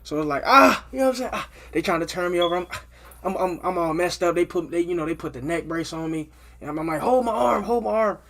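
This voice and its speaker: Chatty man telling a story, voice sitting high. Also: quick pace, bright, forceful tone. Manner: loose and profane, with many restarts and "you know what I'm saying" tags. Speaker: vlogger telling a personal story. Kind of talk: casual storytime monologue.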